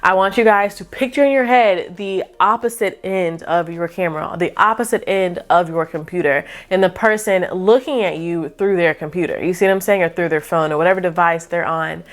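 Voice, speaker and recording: A woman's voice: fairly low pitch, brisk, hardly any pauses. Peppy woman talkin to camera, chatty coach vibe, says y'all a lot. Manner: chatty, upbeat, animated, addresses viewers as y'all. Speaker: YouTube coach. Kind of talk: casual to-camera tips.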